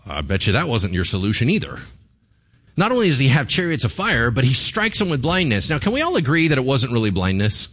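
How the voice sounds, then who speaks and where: Animated preacher telling a story. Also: male voice, medium pitch, a little fast. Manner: animated storytelling with asides to the audience. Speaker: pastor. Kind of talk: sermon.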